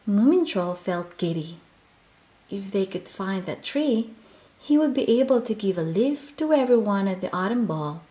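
A woman reading a children's picture book aloud in a gentle, expressive way. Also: medium pitch, unhurried. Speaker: storyteller.

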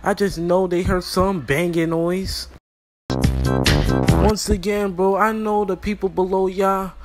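High-voiced young man roasting a cartoon. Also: level tone, measured pace, over loud music. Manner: profane, mocking, slangy. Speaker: roast commentator. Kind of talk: comedic roast commentary.

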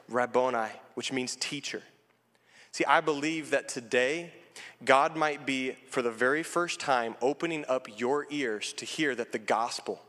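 A man's voice: medium pitch, a bit bright. A male pastor preaching a sermon, pleading and building with passion. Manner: impassioned, rising to a plea. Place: church sanctuary. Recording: church hall with long reverb.

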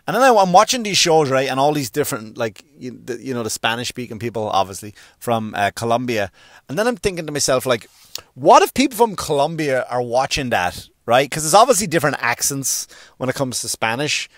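A middle-aged man doing a stand-up monologue, swearing freely and jumping into high voices to act out characters. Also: fairly quick, no echo, clean studio sound. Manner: animated, swearing, acts out characters with sudden pitch jumps. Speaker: stand-up comedian.

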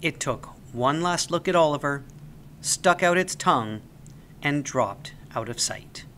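A man reading a children's story aloud as the storyteller, with an expressive, animated delivery. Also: on the high side, a little slow, a little hiss or hum.

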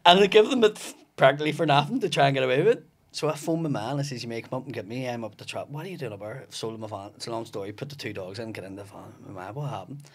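A man's voice: medium pitch, very fast, breathy edge. A man telling a long story on a podcast, swearing freely and acting out the other people's lines. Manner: profane, acts out the voices in his stories. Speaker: comedian guest. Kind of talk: casual storytelling. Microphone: studio podcast mic.

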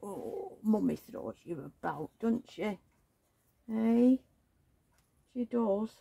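Woman vlogger, gravelly and husky, baby-talk cooing with chatty asides. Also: mid-range voice, expressive, takes it slowly, mellow. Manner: coos and baby-talks, chatty gossiping asides. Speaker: reborn doll vlogger. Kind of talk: casual chat while dressing a doll.

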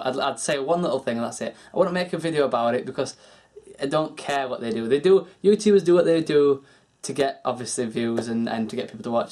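Young man, vlogger, casual chat, rambling, swears casually, medium pitch. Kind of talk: casual chat answering viewer questions.

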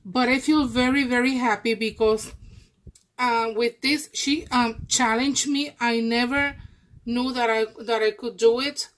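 Woman craft vlogger, slightly high voice, slow and gushing, halting restarts, casual unboxing. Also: fairly even intonation, rough recording. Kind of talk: casual happy-mail unboxing.

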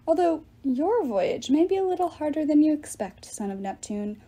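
A woman's voice: high voice, sing-song, moderate pace, dark tone, pitched above the performer's own voice. A woman voicing a smug, self-satisfied male wine god who speaks in an offhand, lordly way.

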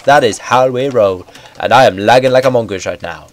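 A young man with a cold, sounding hoarse and congested, rambling through casual game commentary on a headset mic with self-mocking, excitable asides. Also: medium pitch, fairly quick. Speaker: gaming video host.

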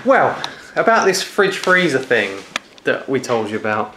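A man's voice: mid-range voice, very animated, moderate pace, bright, forceful tone. A man hosting a casual home vlog, chatty and teasing. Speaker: vlog host. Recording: echoey room with noise.

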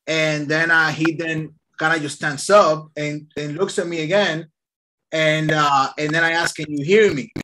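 A man leading a casual online real estate training, telling lively stories in an upbeat way over a video call. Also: a little high, a little slow, slight background noise.

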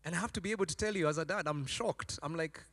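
Man, pastor preaching, high lively bright voice, animated storytelling, long hall reverb. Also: fast talker. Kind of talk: sermon.

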